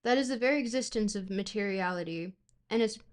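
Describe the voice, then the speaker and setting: An American woman streams a read-aloud of heavy philosophy. Her voice sits at an ordinary middle pitch. She reads slowly and carefully, tripping now and then on long words before pushing on. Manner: careful, halting reading with stumbles on hard words. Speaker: streamer reading a book aloud.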